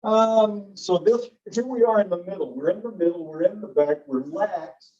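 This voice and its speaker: A man teaching in a classroom, relaxed and explanatory, with a slightly high but mellow voice. He slows down to demonstrate sounds. The recording is dull and lo-fi. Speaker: English-teaching instructor. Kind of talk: classroom lecture.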